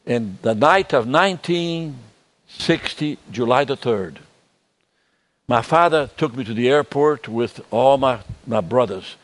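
Older man preaching, halting and soft. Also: medium pitch, lively intonation. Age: 70s. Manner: halting, repeats words, drops to soft tones. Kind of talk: sermon.

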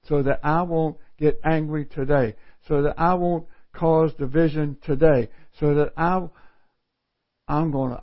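A man's voice: fairly high pitch, dull audio. A man preaching a sermon in a folksy, self-mocking way, laughing often as he works through a Bible passage.

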